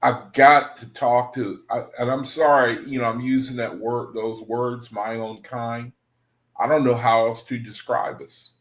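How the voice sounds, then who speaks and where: A man's voice: mid-range voice, flat delivery, unhurried. A man hosting an online study group, talking casually and rambling, repeating himself and calling his viewers brethren. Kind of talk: casual livestream talk to viewers.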